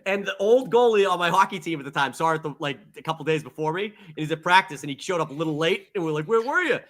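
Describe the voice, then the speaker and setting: A man co-hosting a comedy podcast, telling animated stories full of swearing and acted-out quotes. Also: fairly high pitch, fast. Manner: animated storyteller, swears a lot, acts out quotes. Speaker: podcast co-host. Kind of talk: casual comedic chat.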